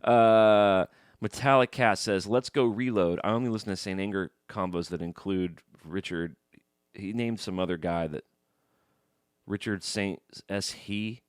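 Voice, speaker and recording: A man's voice: fairly low pitch, steady tone, a little slow, clear, resonant tone, no room sound, studio quality. A man co-hosting a casual podcast, joking around and reading fan messages aloud. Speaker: podcast co-host.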